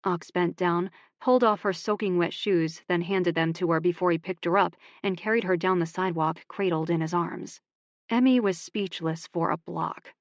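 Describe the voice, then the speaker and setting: A woman narrating a romance audiobook in a calm, even voice on a close studio mic. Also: lowish voice, moderate pace, dry recording, highs cut off.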